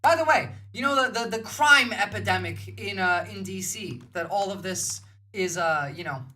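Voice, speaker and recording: A woman's voice: medium pitch, moderate pace, pushed and bright. A woman, giving blunt, heated livestream commentary and swearing freely. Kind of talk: casual reaction commentary.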